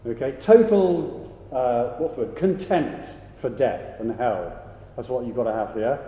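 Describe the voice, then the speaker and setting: A man leads a choir rehearsal, giving brisk notes and counting in with a mid-range voice. The sound is dull and lo-fi, and his voice rings with a long echo around a large hall. A faint hum of room noise sits underneath. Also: medium pitch. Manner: brisk, counts in and sings example phrases. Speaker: choir director.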